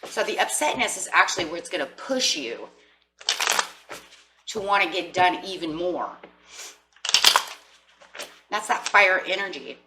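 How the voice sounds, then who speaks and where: A woman's voice: lowish voice, measured pace, pauses often, heavy background noise. A woman giving a casual, chatty tarot reading to her viewers, often acting out what people say to themselves. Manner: chatty, animated, acts out inner voices. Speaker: tarot reader.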